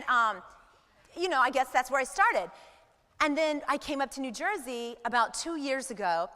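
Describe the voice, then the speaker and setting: A woman in her forties giving a motivational talk to a live audience, telling stories in an animated way and acting out her own thoughts. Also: a little high, long reverb tail. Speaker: business speaker.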